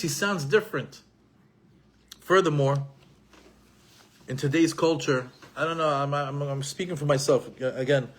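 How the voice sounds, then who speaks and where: A middle-aged man giving an animated Torah lesson, repeating himself and mixing in Hebrew terms. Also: on the high side. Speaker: Torah teacher.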